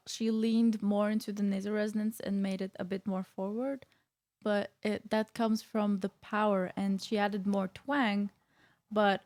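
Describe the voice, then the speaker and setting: A woman's voice: mid-range voice, darkish tone. A woman vocal coach explaining singing technique in a casual reaction video, with frequent fillers and restarts.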